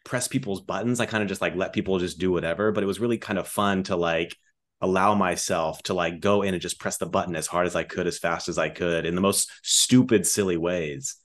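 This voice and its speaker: A man's voice: sits low, steady tone, fairly quick. A man guest on a podcast, chatting candidly and loosely about a class experience, a bit self-deprecating. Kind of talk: casual chat.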